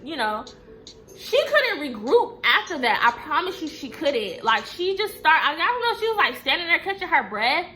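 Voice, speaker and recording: A young woman telling a storytime vlog in a blunt, profane, animated way. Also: high-pitched, normal speed, faint music behind. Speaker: vlogger.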